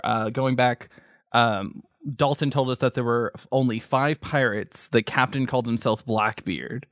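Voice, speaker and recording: A man's voice: mid-range voice, unhurried, a bit bright, no echo, faint music behind. A man co-hosting a podcast, chatting casually, often laughing and getting emotional about the story. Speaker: podcast co-host. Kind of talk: casual chat.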